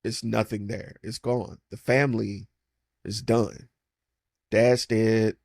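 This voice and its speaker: A man with a low, gravelly voice recaps a movie in a loose, animated way, slipping into the characters' lines as he goes. The recording is dry and close. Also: slow, no room sound. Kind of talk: casual film breakdown.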